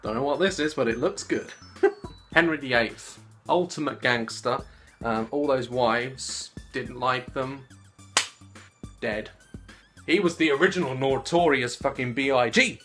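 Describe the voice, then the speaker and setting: A young man in his late twenties chats to camera with a bright, forceful voice, laughing often and bouncing between jokes. Soft music plays quietly underneath him. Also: measured pace. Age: 20s. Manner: giggly and animated, jumping into squeaky voices. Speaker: YouTuber answering fan questions. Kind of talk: casual Q&A vlog.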